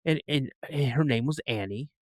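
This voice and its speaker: A middle-aged man telling personal stories as a podcast guest, animated and full of restarts and fillers. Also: mid-range voice, normal speed, no room sound. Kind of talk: casual storytelling in an interview.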